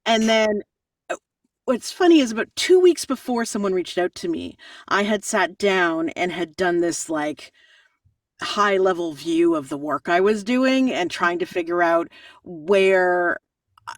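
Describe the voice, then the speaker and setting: A woman audiobook narrator answering interview questions in a chatty, animated way, often laughing. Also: mid-range voice, unhurried, no room sound, clean studio sound, recorded from a distance.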